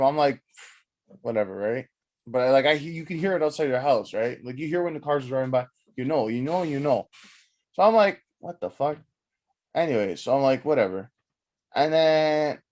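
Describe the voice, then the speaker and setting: Rambling, profane podcast host telling stories. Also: male voice, mid-range voice. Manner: rambling, profane, animated, acts out quotes. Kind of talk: casual storytelling monologue.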